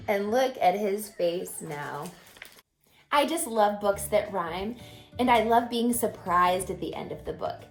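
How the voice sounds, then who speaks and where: A woman teacher reading a picture book aloud in an expressive, playful way, then explaining it to children. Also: mid-range voice, measured pace, faint music behind. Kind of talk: read-aloud storytelling and lesson.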